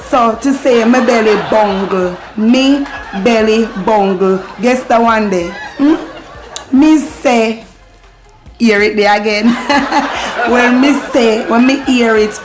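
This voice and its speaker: A woman's voice: a little high, measured pace, noisy background. A woman with a Jamaican accent giving a playful, casual patois lesson, laughing often and repeating phrases. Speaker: online patois teacher.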